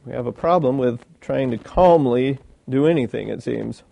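A man's voice: medium pitch, moderate pace, gravelly, dark tone, dry recording. A man preaching a sermon, reading old commentary aloud and breaking off to ask his listeners questions.

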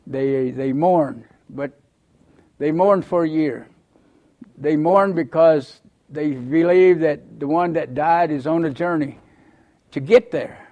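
A man's voice: fairly high pitch, dark tone. A male pastor giving an earnest, folksy mission report to a church while showing slides.

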